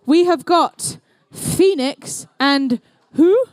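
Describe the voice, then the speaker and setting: Woman, New Zealand accent, high voice, live competition commentary, playful jokey emcee, dry close sound. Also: drawn-out words, a little mellow, dry recording. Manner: playful, chatty, jokey asides to the crowd. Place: indoor competition venue.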